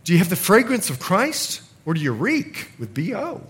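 Lively, high-pitched, bright-voiced preaching pastor. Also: male voice, moderate pace. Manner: dramatic preaching with acted-out quotes and sudden swings from hushed to loud. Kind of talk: sermon. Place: church sanctuary.

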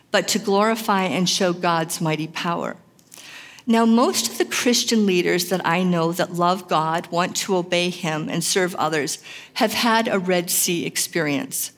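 Earnest woman preaching in a reverberant hall. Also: mid-range voice. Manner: earnest, emphatic, personal testimony. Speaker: chapel speaker. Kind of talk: sermon.

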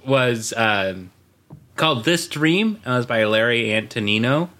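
A co-host runs the show's segments in a joking, casual way. The pitch swings widely, which keeps the delivery animated. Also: unhurried. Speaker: podcast co-host running segments. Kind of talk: casual chat.

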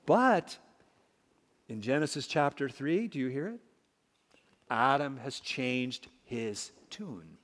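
A man preaching a sermon as a pastor, emphatic, swinging between loud and hushed. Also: mid-range voice, very animated, slow, pauses often. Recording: long hall reverb.

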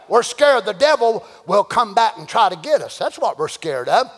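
A man preaching a sermon, swinging between folksy storytelling and shouted, drawn-out exhortation. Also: high voice, big pitch swings, big-room sound. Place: church sanctuary.

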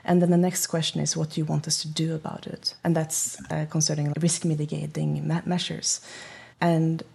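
Low husky-voiced Norwegian woman. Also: flat delivery, moderate pace, warm tone. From Norway. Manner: thoughtful, hesitant restarts, explanatory. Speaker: privacy project lead, guest. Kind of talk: interview over call.

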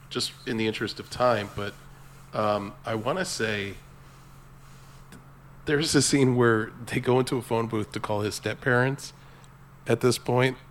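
A man's voice: lowish voice, a little hiss or hum. A man co-hosting a podcast, casually retelling movie scenes with a loose, profane storytelling manner. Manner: laid-back, profane, storytelling recaps.

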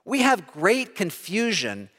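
A middle-aged man pastor preaching a sermon, telling a self-deprecating story with lively, animated delivery. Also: high-pitched, takes it slowly, long reverb tail. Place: church sanctuary.

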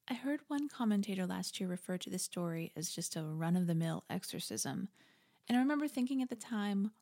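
A woman hosting a reflective faith podcast, talking in a conversational, wry way with animated asides. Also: medium pitch, a little fast. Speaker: podcast host. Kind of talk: reflective spoken commentary.

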